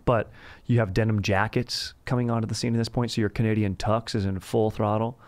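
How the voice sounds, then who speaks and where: A man's voice: on the low side, little pitch movement, brisk, dry recording. A man from California, hosting a comedic history podcast in a rambling, slangy, crude way. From Southern California. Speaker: podcast host.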